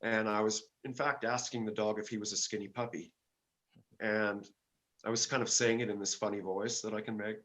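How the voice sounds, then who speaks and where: An older man, a guest musician, telling stories in a casual interview, halting and full of fillers and restarts. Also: on the low side, little pitch movement, fairly bright tone.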